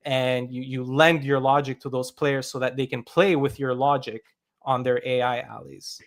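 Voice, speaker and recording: Man, game developer, mid-pitched voice, casual podcast chat, steady explaining with lots of fillers. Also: normal speed. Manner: explains step by step with many fillers.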